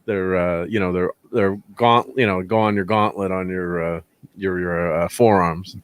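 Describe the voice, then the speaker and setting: A man's voice: low-pitched, fairly even intonation, normal speed, smooth, no room sound, clean studio sound. A man hosting a casual movie review chat, rambling and laughing often. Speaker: host.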